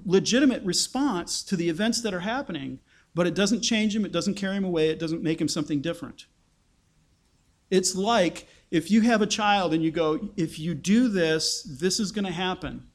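A man preaching a conversational Bible-teaching sermon, asking his listeners rhetorical questions. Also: sits high.

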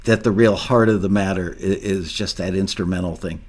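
A man's voice: low voice, fairly even intonation, normal speed, darkish tone. Talkative male podcast host. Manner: enthusiastic, talkative, many restarts. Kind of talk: casual interview chat.

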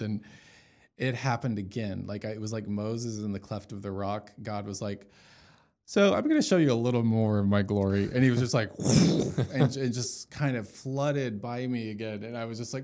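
Guy sharing his conversion story, kinda low voice, lots of likes and restarts. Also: darkish tone. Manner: emotional, storytelling, many fillers and restarts. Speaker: interview guest. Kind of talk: personal testimony in an interview.

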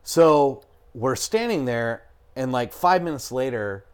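A middle-aged man with a smooth, mid-range voice and lively intonation talks slowly through a story in casual chat. It's a rambling, profane telling, thick with fillers such as "like" and "I'm talking."

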